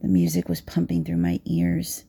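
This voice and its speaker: A woman telling an intimate second-person romance story in a soft voice that slips into whispers. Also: fairly low pitch, flat delivery, moderate pace, gravelly, breathy edge.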